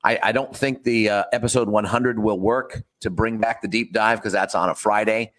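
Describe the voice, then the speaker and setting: A man's voice: on the low side, fairly even intonation, moderate pace, fairly bright tone. A man hosting a sports podcast, joking casually and wrapping up the show. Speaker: podcast host.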